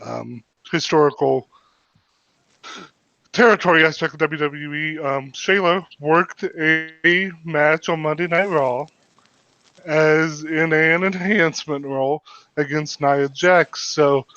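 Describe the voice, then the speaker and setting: A man hosting a podcast, explaining background to listeners and asking the guest questions in a measured way. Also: on the high side, sharp tone, no echo. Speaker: podcast host. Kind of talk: interview questions. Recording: dull, muffled sound.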